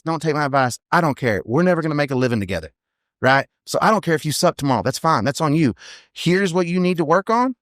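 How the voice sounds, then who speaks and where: A man in his thirties talks fast and bluntly, piling one story onto the next. His voice sits a little high for a man. The sound is dry and close, with no room echo. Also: fairly bright tone. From United States. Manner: blunt, fast storytelling with many "you know what I mean"s. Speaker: podcast guest, team roper. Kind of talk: casual chat.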